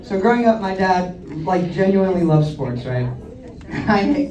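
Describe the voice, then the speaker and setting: A man's voice: high voice, measured pace. A young man in his twenties telling self-deprecating stand-up stories on a comedy club stage. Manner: self-deprecating, animated storyteller. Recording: echoey club, distant, crowd laughter. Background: audience laughter.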